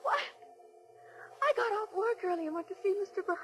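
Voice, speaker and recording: An actress playing a devoted young wife, crying and distraught, in a vintage radio drama. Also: female voice, extremely high pitch, animated, fast talker, soft background music. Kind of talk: 1940s radio acting.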